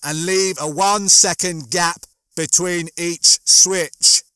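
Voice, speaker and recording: A man voicing a panicky male ship's computer, calling out an emergency loudly and urgently. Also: mid-range voice, steady tone, normal speed, clean tone, no room sound, lightly acted. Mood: yelling. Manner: loud, urgent announcing.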